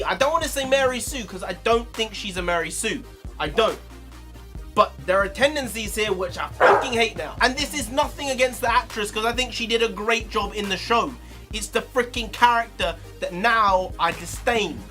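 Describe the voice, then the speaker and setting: A man, ranting heatedly in a review vlog, swearing, his pitch swinging up and down. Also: a little fast, pushed and bright, faint music behind. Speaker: video reviewer.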